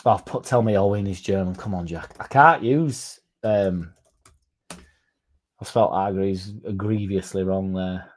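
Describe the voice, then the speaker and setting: A man's voice: sits low, unhurried. A man hosting a football fan channel, chatting casually in a rambling, sweary, self-mocking way.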